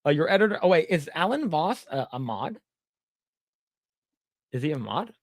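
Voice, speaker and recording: A man's voice: a little high, big pitch swings, normal speed, no echo, clean studio sound. Rambling, cursing man on a podcast. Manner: rambling storyteller, swears, mimics voices in quotes. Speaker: podcast co-host. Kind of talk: casual chat, reading comments.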